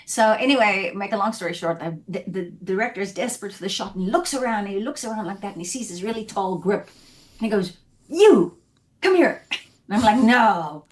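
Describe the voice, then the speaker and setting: A woman from South Africa, an actress guest, telling animated stories in a casual interview and acting out the scenes and voices as she goes. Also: mid-range voice, fast talker.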